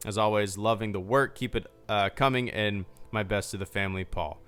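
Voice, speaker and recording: A man's voice: fairly low pitch, fairly even intonation, fairly quick, fairly bright tone, clean tone, soft background music. A man hosting a casual livestream Q&A with supporters, chatty and rambling, full of restarts. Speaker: YouTube channel host.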